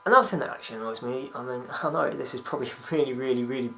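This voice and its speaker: A man's voice: mid-range voice, racing, vocal fry, pushed and bright, a little hiss or hum. A young man ranting to camera at home in a rambling, sweary, sarcastic way. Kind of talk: casual ranting vlog.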